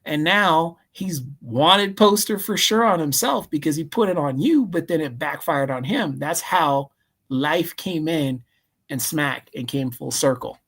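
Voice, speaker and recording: A man, a convention vendor guest, telling a story on a live call in an animated way, acting out voices and saying "see?" again and again. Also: a little high, a little slow, breathy edge.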